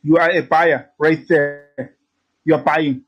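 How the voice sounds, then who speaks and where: A man's voice: fairly high pitch, steady tone, slow, breathy edge, highs cut off, faint music behind. A man teaching trading in a casual walkthrough, brash and teasing, repeating his points and swearing freely. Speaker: trading instructor. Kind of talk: casual screen-share tutorial.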